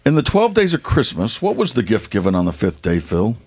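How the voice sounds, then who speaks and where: Quiz host: American man, Northern US accent, gravelly husky voice, jokey and easily tickled. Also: on the low side, huge pitch swings, fairly quick, darkish tone. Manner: jokey, laughs often, stumbles over questions. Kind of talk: casual Christmas trivia quiz.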